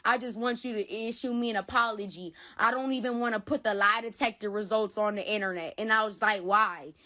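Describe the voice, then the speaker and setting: Her voice medium-pitched, brisk, bright, and forceful with a steady tone, a woman guest in an interview recounts a personal conflict without softening it. She curses liberally, says things more than once, and is an adult with a school-age son.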